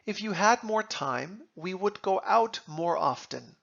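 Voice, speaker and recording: A man teaching German grammar, reading example sentences and translating them in a slow, deliberate lesson. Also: high-pitched, animated, vocal fry, a bit bright, dull audio.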